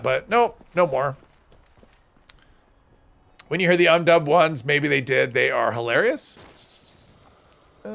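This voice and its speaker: A man talks through a game on a live stream, rambling to his chat and often correcting himself mid-thought. His voice sits a bit high for a man, with a gravelly rasp. His pitch swings up and down a lot. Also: bright, forceful tone. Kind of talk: casual gameplay commentary while reading chat.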